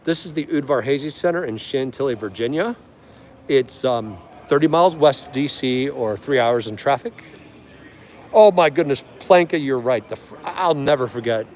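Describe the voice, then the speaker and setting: A man hosting a live stream from an aviation museum, chatting with viewers and greeting each of them by name. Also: medium pitch. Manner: chatty, friendly, answers chat by name. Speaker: livestream host.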